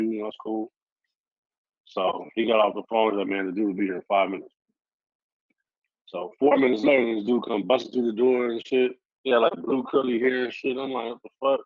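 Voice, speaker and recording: A man telling stories in a relaxed, profane street-slang style, acting out the dialogue as he goes. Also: lowish voice, dry recording. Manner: laid-back, profane street slang, acts out quoted dialogue. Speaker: podcast guest. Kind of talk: casual storytelling interview. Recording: dry, slightly muffled audio.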